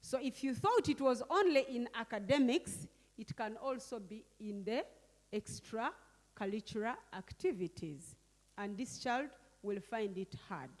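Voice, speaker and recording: A woman teaches a workshop at a deliberately slow pace, stopping to quiz her listeners and have them repeat key words. Her voice rings out with a long reverb from a large hall. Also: on the high side, lively intonation, darkish tone. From Uganda. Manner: asks the audience questions and repeats key words. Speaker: workshop facilitator. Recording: echoey hall.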